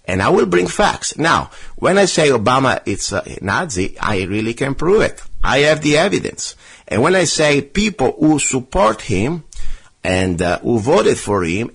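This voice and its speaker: A man's voice: mid-range voice, creaky, a bit bright, breathy edge. A man with a foreign accent hosting a talk radio show, arguing his case with passion. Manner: impassioned, argumentative, rebutting a listener letter.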